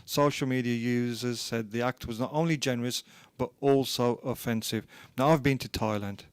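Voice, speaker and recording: A man's voice: mid-range voice, steady tone, moderate pace, clean tone, dry recording. A man co-hosting a radio show, reading out news items in a jokey, casual way, recorded dry in a studio. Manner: jokey, reads news snippets aloud. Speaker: radio co-host.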